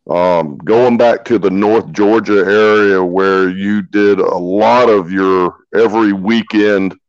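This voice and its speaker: A man's voice: on the low side, darkish tone, dry recording, muffled recording. A man co-hosting a casual podcast chat, speaking emphatically and repeating his points. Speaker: podcast co-host.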